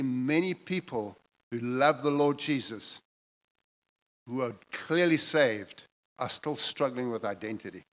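A man's voice: medium pitch, poor audio. A man preaching a sermon, emphatic and repetitive, building his phrases in intensity as he goes.

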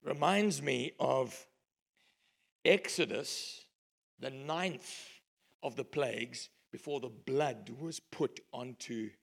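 A man preaching a sermon, emphatic storytelling that swings between loud and hushed. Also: mid-range voice, vocal fry.

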